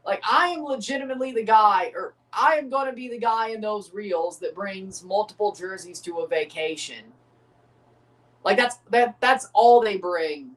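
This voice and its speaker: High-voiced man chatting through a livestream. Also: moderate pace, fairly bright tone, far from the mic. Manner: chatty, repeats phrases, answers chat viewers. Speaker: livestream host reacting to a match. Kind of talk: casual live watchalong commentary.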